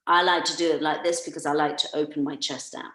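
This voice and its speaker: Woman therapist, slightly low voice, patient explainer leading breathwork; echoey video-call room. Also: fast talker. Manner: calm, explanatory, coaching listeners through breaths. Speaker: massage therapist leading a workshop. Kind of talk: guided breathing instruction.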